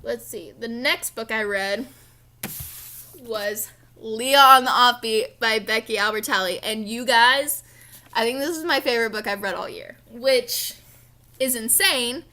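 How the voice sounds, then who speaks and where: A woman's voice: fairly high pitch, unhurried, pushed and bright. A young woman chatting casually about books she read, gushing and playful, with lots of fillers. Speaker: book vlogger. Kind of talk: casual book review chat.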